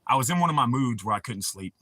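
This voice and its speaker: A man's voice: medium pitch, animated, quick pace, sharp tone, no echo. A man, hosting a casual livestream and rambling crudely with a lot of swearing. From United States. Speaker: livestream host.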